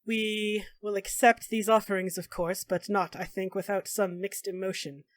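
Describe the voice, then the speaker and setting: A woman voicing a stern, tall, bony older male elf keeper who speaks in a grave, formal, accusing way. She uses a low, quiet delivery for him. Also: little pitch movement, moderate pace, lightly acted.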